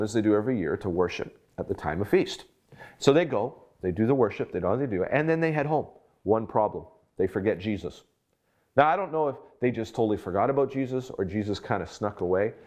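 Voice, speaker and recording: A man's voice: mid-range voice, a little mellow. A middle-aged man, a pastor, giving a conversational devotional sermon with personal stories and acted-out quotes. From Canada. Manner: conversational, storytelling, acts out quoted voices.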